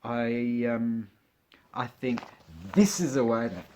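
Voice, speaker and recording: A man's voice: medium pitch, slow, dark tone, a little hiss or hum. Giggly man chatting casually. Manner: chatty, giggly, joking asides while leafing through a magazine. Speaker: vlogger. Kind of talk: casual chat.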